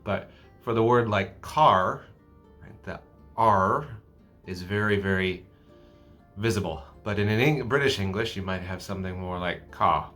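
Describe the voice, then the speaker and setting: A man's voice: low-pitched, moderate pace, fairly bright tone, faint music behind. A man from the United States with an American accent, teaching English pronunciation patiently and repeating each word twice. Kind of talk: pronunciation lesson.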